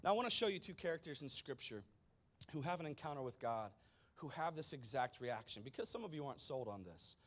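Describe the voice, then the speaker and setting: A man preaching a sermon to his congregation, speaking dramatically and addressing listeners directly, swinging from hushed tones to loud emphasis. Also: medium pitch, animated, a little fast. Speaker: pastor.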